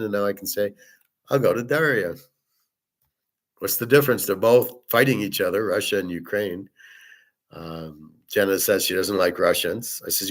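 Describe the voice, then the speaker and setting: A man's voice: on the low side, a bit bright. Blunt, profane man rambling. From United States. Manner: blunt, profane, digressive storytelling. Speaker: sports betting podcast host. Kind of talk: casual rambling monologue.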